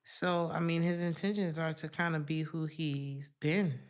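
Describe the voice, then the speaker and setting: Woman doing a tarot reading live, chatty, lowish voice, takes her time. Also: fairly even intonation, measured pace. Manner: casual, chatty, calls the viewer honey. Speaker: tarot reader.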